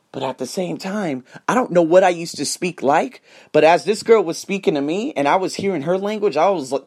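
An American man hosting his own podcast, giving a high-energy, emphatic motivational monologue with plenty of profanity. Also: expressive, normal speed, a little mellow. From United States. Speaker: podcast host.

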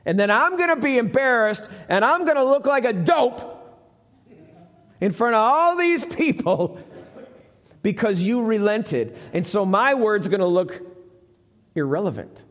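A man's voice: high voice, big pitch swings, unhurried, pauses often, a bit bright, exaggerated voice. A man voicing a reluctant, grumbling male prophet in a live church sermon. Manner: sulky, defensive complaining. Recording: long hall reverb.

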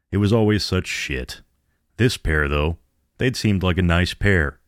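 A man narrating a horror story in a measured storytelling manner. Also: deep voice, lively intonation, no echo, studio quality.

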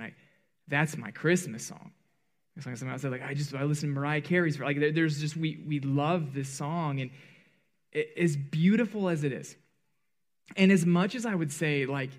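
A man leading worship who tells a rambling, self-deprecating story full of "like" fillers and restarts, acting out quoted lines with sudden jumps in pitch. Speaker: worship leader. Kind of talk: storytelling before a song in a church service.

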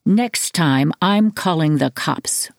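Narrator putting on a cranky neighbor lady, curt and accusing, low gravelly tone. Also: expressive, slow, dry recording, clean studio sound, heavily acted. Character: angry scowling neighbor woman.

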